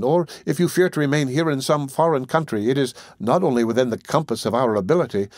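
A man reading an audiobook, voicing a kindly older gentleman with a measured, solemn and persuasive delivery. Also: mid-range voice, dry recording, lightly acted.

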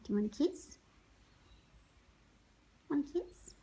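A woman's voice: slow pace, mellow. A woman talking doting baby talk to her pet parrot, with whispery asides. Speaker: pet owner.

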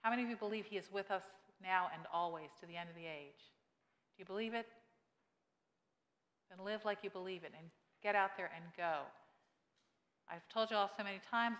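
A woman pastor giving a lively sermon, teasing her congregation with questions and urging them on. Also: mid-range voice. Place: church sanctuary. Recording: long church-hall reverb.

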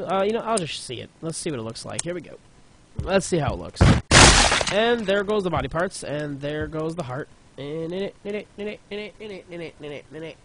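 A man's voice: on the high side, gravelly, a little hiss or hum. A man giving frustrated, exclamatory commentary while playing a video game. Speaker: gaming YouTuber. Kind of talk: let's play commentary.

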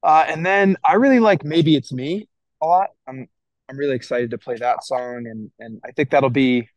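A man's voice: medium pitch, normal speed, dry recording, highs cut off. Man recalling things earnestly, dry mic. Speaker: guest musician. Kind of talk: casual interview chat.

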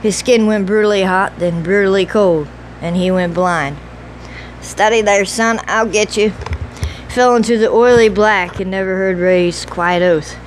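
A woman reading an audiobook novel in a steady, measured storytelling voice. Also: mid-range voice, a little hiss or hum, poor audio. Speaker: audiobook reader. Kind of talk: audiobook narration.

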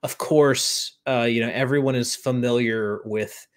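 A man's voice: mid-range voice, fairly even intonation, measured pace. A man hosting a conversational interview, restarting his phrases often. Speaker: podcast host. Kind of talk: casual interview talk.

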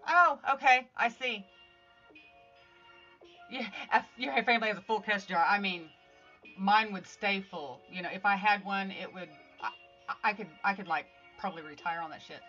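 A chatty, upbeat woman hosts a live stream from her craft space at home and greets viewers by name as she works. Her voice is bright and forward. The phone audio is a little dull, with soft music underneath. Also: medium pitch, normal speed, pauses often. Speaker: livestream host making craft art. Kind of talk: casual livestream chat greeting viewers.

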